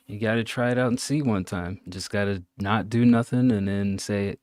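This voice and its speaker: Low-voiced man making dry jokes. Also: fairly even intonation, moderate pace, darkish tone, no echo. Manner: dry joking asides. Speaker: podcast co-host. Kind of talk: casual chat.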